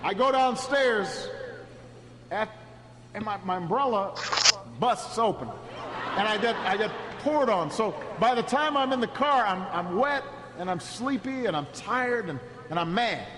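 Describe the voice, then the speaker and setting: A man giving a storytelling speech at a podium, halting and repeating words as he restarts, and rising to a rousing, shouted close. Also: sits high. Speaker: political speaker. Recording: echoey hall with steady background noise.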